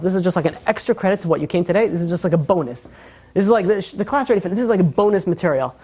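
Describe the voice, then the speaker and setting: Guy rabbi teaching a class, super animated, cracks jokes, keeps doing the voices of people in the story. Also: high-pitched. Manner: animated and joking, acting out quotes in character. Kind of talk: casual Torah class.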